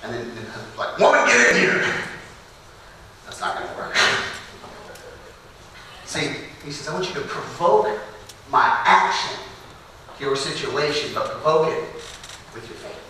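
A young man, a pastor, preaching a sermon, swinging from loud, near-shouted passages down to quiet, low asides. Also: very animated, unhurried, long pauses, a little hiss or hum.

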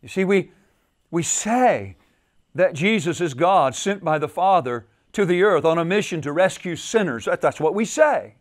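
A male pastor delivers a sermon with a fairly high voice. He repeats key phrases and lets his delivery drop to a hush before rising again for emphasis. The setting is a retreat gathering. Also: lively intonation, normal speed. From United States. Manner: repeats phrases, rises and falls in pitch and volume for emphasis. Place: church at a men's retreat.

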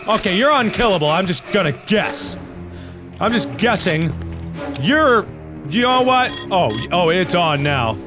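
A young man hosting a let's-play of a horror game, talking to himself and the viewers and bursting into loud, sweary outbursts and screams. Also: high voice, expressive, moderate pace. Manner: talks to himself and the viewers while playing. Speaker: gaming video host. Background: game music.

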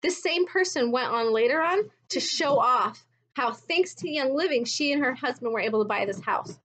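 A woman's voice: high voice, expressive, normal speed, a bit bright. A woman vlogging at home in a blunt, exasperated tone, with mocking asides. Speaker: vlogger recounting her MLM experience. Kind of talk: casual commentary video.

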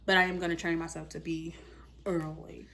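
A lifestyle vlogger in her thirties chats casually in a home vlog, animated and talkative, her low-pitched voice moving at a normal speed. Her speech is packed with fillers like "like" and "you feel me".

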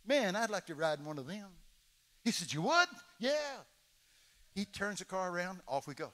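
A man's voice: sits high, brisk. Folksy man preaching in a hall. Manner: folksy, animated, shouts quoted lines. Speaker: guest preacher. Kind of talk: storytelling sermon. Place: large church hall. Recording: long reverb of a large hall.

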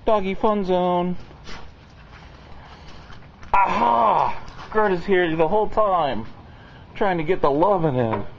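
A man's voice: sits high, expressive, measured pace, gravelly, muffled recording, noisy background. Man coaxing his dogs in baby talk. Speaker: dog owner filming his pets. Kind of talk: casual home vlog.

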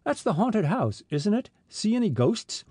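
Male reader as middle-aged detective father, assured and measured, husky warm tone. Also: high-pitched, very animated, no room sound, studio quality, pitched above the performer's own voice, exaggerated voice. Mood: genial. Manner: measured, amused then businesslike.

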